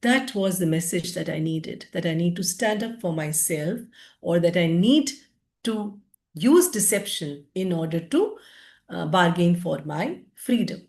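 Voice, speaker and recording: A woman's voice: fairly low pitch, lively intonation, unhurried, darkish tone. A woman voicing a male parrot in a fable, speaking earnestly. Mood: resolute. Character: freed male parrot, defiant. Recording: roomy echo.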